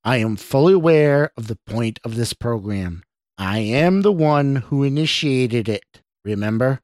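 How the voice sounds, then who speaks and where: A man's voice: medium pitch, lively intonation, measured pace, darkish tone, no echo, natural voice. A man doing a callous, growling older official. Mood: stern. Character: stern older male government official, harsh. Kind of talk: audio drama reading.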